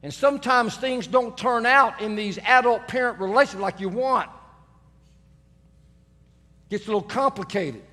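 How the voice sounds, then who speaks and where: High-voiced preacher in an echoing church. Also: male voice, a bit bright. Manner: humorous storytelling, self-mocking. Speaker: pastor. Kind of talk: sermon. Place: church sanctuary. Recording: reverberant church hall.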